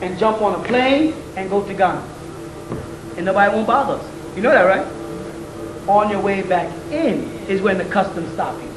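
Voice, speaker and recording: A man giving an informal, slangy lecture to a room of listeners. He jokes, chuckles between points and keeps asking rhetorical questions. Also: high-pitched. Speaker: lecturer addressing an audience. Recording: roomy, distant, faint hiss.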